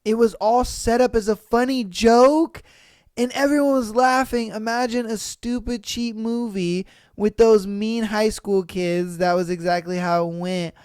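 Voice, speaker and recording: A podcast host reads listener stories aloud and reacts with loud, laughing, profane commentary. The voice is smooth and clear, recorded dry and close with no room sound. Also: mid-range voice, steady tone, unhurried, dry recording. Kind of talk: comedic commentary reading online posts.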